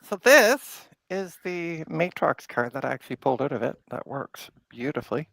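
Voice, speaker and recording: Streaming live from her home workbench, this Canadian woman playfully chats and narrates her tinkering in a deep, creaky, slightly bright voice. She speaks at a normal speed with big pitch swings, and the audio has no room sound.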